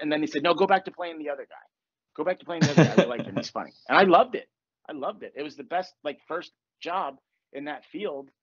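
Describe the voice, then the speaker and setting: A man chats on a podcast at a quick clip, his voice sitting a little high. He tells his stories with energy, laughs often and slips into the voices of the people he quotes. The sound is muffled and lo-fi, as if from earphones on a call. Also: a bit bright. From Virginia. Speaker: podcast host. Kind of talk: casual storytelling chat.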